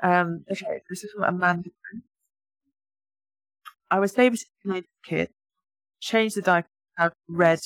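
Creaky-voiced woman chatting with her partner. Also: on the low side, fairly even intonation, unhurried, long pauses, dry recording. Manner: chatty, laughs at her own stories. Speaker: podcast co-host, new mother. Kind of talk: casual chat.

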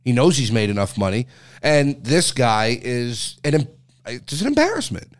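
A man's voice: mid-range voice, sing-song, moderate pace. A man co-hosting a casual podcast chat, teasing and swearing. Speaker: podcast co-host.

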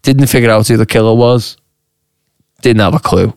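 A man with an Australian accent co-hosting a podcast, telling stories in a chatty, animated way and swearing freely. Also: fairly low pitch, moderate pace, no echo, studio quality. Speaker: podcast co-host. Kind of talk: casual chat and storytelling.

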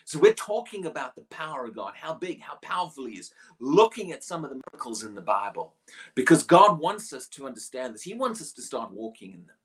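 Preacher for a teaching sermon: animated pitch, emphatic, restarts phrases as points build. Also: a little fast.

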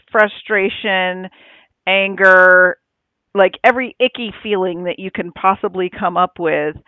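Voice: mid-range voice, smooth, no echo. A co-host sharing reflective thoughts in casual chat, swearing now and then. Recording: tinny phone-like line, dry.

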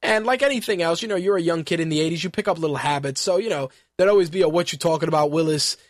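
A man's voice: sits high, very fast, dry recording, clean studio sound. A man in his thirties hosting a radio talk show, giving casual news commentary in an offhand, joking way with frequent fillers and restarts.

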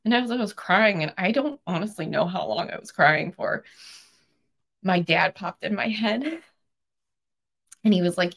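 Her voice sits in the mid range, a little slow, with frequent pauses. She's a podcast guest in her thirties, and her retelling of a personal story is emotional, earnest, and animated.

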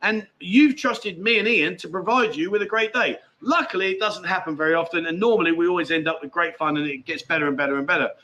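A man's voice: high voice, fast, hardly any pauses, pushed and bright. A man hosting a casual live stream, chatting and bantering with viewers and his co-host. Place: indoors at family home.

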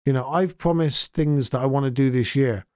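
With a mid-range, slightly mellow voice that is clear and resonant, the man from England speaks at normal speed, hosting his own podcast as the town's mayor. His casual update is heartfelt, earnest and sometimes emotional, captured in a dry, clean studio recording.

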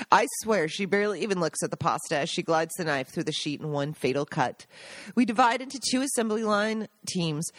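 A woman host reads a chapter of her own book in a middle-pitched voice, storytelling with little laughing asides. The sound is close and dry, with no room echo. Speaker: podcast host.

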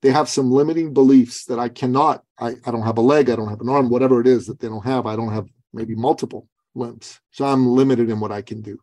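A middle-aged man, a business coach, answering interview questions with energetic storytelling, acting out quoted dialogue. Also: quick pace, few pauses. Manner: animated, acts out quoted dialogue in a higher voice.

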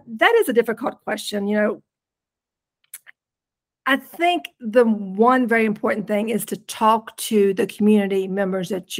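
A woman's voice: a little high, vocal fry. A woman with a pronounced West Virginia accent, a podcast guest talking casually and unhurriedly, laughing easily. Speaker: podcast guest, rural nonprofit leader. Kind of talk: casual interview chat.

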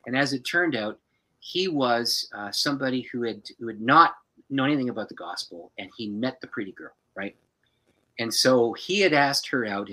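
A man who is a pastor tells his story with a lively, swooping delivery, rising and falling all the way through. His voice is bright and a little husky, and he leans into the dramatic beats. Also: mid-range voice, rough recording. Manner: dramatic, expressive storyteller who acts out the people in his stories. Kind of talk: animated personal storytelling.

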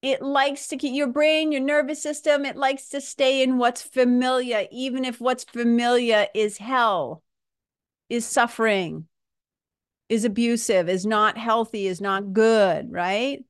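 Animated woman hosting a self-help talk. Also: a little high, measured pace, clean tone. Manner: animated, laughs often, restarts sentences. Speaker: podcast host.

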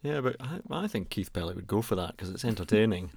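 Man, podcast co-host, fairly low voice, dry close sound, casual chat. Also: fast, creaky, husky, no echo. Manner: relaxed, chuckling delivery.

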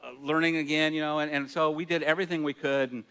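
A man's voice: on the high side, flat delivery, fast talker, pushed and bright, smooth. A middle-aged man preaching a sermon as pastor, chatty and self-deprecating, laughing often and restarting his words. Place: church hall.

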